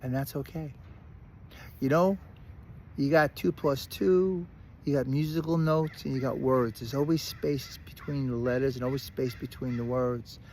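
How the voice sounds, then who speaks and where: A man with a Brooklyn accent telling a personal story in a casual, animated way, often restarting and repeating words. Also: mid-range voice, normal speed, slight background noise. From Brooklyn, New York. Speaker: recovery speaker.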